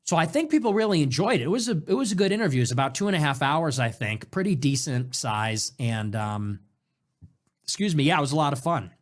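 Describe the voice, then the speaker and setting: A man hosting his own show in a casual monologue, animated and sarcastic, jumping between loud bursts and low mutters. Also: brisk. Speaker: show host.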